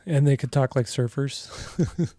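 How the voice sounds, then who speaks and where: A man's voice: mid-range voice, takes it slowly, dark tone, dry recording. A man hosting a live drawing stream, chatting casually and telling a long rambling story full of fillers. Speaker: artist livestream host. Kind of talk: casual livestream chat while drawing.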